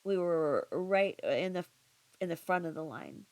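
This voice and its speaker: A woman's voice: lowish voice, lively intonation, a little slow, darkish tone, no room sound. A woman vlogger telling a story in a chatty, rambling way, full of asides and restarts. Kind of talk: casual storytelling monologue.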